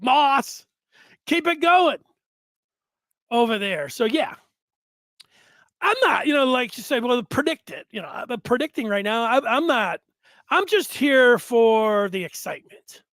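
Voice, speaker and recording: High-voiced rambling sports talk host. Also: male voice, expressive, a little slow, long pauses, fairly bright tone, no room sound. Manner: rambling, frequent restarts, chuckles. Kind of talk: casual sports talk, reading viewer comments.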